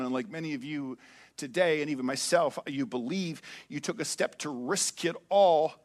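Male pastor, high voice, preaching with big swings from emphatic to hushed. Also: normal speed. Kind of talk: sermon.

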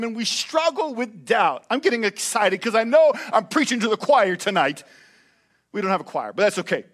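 Male pastor, high voice, preaching with big swings from emphatic to hushed. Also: lively intonation, normal speed. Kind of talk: sermon.

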